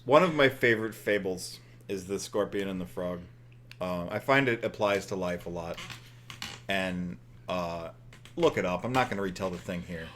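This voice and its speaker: A man's voice: low-pitched, moderate pace, a bit bright, a little hiss or hum. A young man co-hosting a podcast, chatting casually in a meandering, joking way and swearing often. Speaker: podcast co-host. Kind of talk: casual chat.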